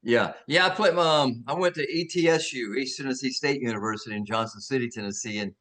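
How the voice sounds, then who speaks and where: A man in his sixties with a Southern American accent tells stories in an interview at an ordinary middle pitch. His manner is folksy and full of laughs. He acts out the other people in his stories. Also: a little fast, fairly bright tone. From Georgia, USA. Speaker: interview guest. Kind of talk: casual storytelling.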